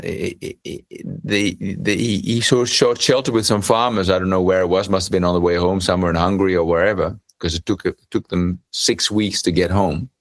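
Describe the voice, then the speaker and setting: A man's voice: fairly low pitch, no echo. A man co-hosting a podcast, telling a story in a casual, hesitant way. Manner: hesitant, with many restarts while telling a story. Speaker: podcast co-host.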